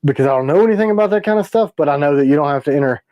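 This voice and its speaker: Guy hosting a live stream, kinda high voice, sarcastic animated storyteller, dry mic. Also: rapid-fire, no room sound, muffled recording. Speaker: knife maker, livestream host. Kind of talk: casual livestream chat. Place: workshop or shop.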